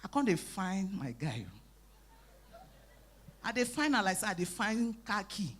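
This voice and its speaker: A woman with a Nigerian Pidgin accent doing live stand-up comedy, telling animated stories, shouting out acted lines and teasing the crowd. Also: medium pitch, measured pace. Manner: animated storytelling, bursts into shouting and acted quotes, teases the crowd. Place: live event stage.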